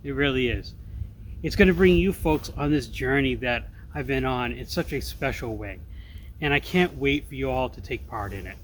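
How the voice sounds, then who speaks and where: A middle-aged man with a medium-pitched voice films an outdoor vlog in the woods, chatting casually to the camera at a normal speed. He is earnest and upbeat, often calling viewers "folks," with slight background noise and faint outdoor sound behind him.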